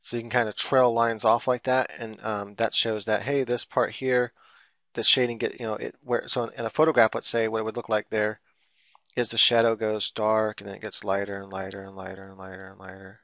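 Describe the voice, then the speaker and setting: A man's voice: on the low side, flat delivery, fairly quick, fairly bright tone, no room sound. A man giving a casual, rambling drawing tutorial while he works on screen, full of fillers and loose explanations. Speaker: drawing instructor.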